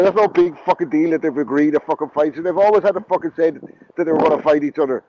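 A man's voice: on the high side, fast talker, muffled recording, background noise. A man co-hosting a boxing podcast, ranting in an exasperated way. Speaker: podcast co-host. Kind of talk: casual boxing chat.

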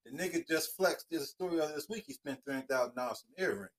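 A man co-hosting a podcast, chatting in a relaxed, slangy way and arguing his points. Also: fairly high pitch, fast. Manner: laid-back, slangy, argues his point. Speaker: podcast co-host. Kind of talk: casual chat.

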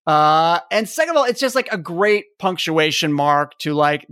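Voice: mid-range voice, moderate pace, few pauses, fairly bright tone, no room sound, studio quality. A podcast host chatting casually and enthusiastically, rambling with many fillers.

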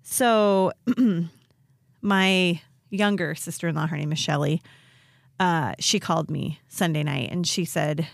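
A woman co-hosting a podcast in casual chat, telling a story with lively quoted voices. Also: lowish voice, slow, gravelly, no echo, studio quality. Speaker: podcast co-host.

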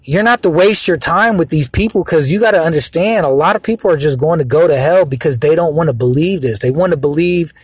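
A man's voice: fairly high pitch, fairly quick, few pauses, husky, dry recording. A young man giving an earnest, rambling casual sermon about faith, full of fillers. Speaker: Christian speaker. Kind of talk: casual preaching monologue.

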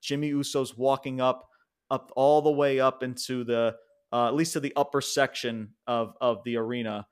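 Excited man recapping wrestling casually. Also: mid-range voice, moderate pace, smooth. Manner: excited, rambling with restarts and mild swearing. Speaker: podcast co-host.

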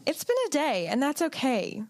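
A young woman co-hosting a podcast in casual chat, reflective and gently advising, with lots of filler words. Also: high-pitched, big pitch swings, moderate pace, dry recording. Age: young adult. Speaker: podcast co-host.

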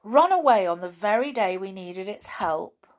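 A woman's voice: medium pitch, animated, normal speed, lightly acted. A woman voicing an anxious young girl in a storybook reading, fretful and pleading. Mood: worried.

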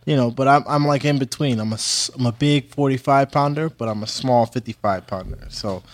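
A young man talking casually as the interviewed fighter. He is relaxed and easygoing, using plenty of fillers and laughing easily. His voice sits mid-low, with a dry, close sound. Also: brisk, no echo.

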